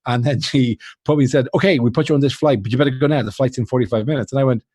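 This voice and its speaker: A man's voice: mid-range voice, racing, hardly any pauses, darkish tone, breathy edge, dry recording. A man telling stories in an easy, rambling way, often laughing at himself and stopping to restart his sentences. His voice sits in a middle register and sounds dry and close, with no room around it. Laid-back chat over a video call. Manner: rambling, self-mocking storytelling with frequent laughs and restarts. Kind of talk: casual chat on a charity livestream.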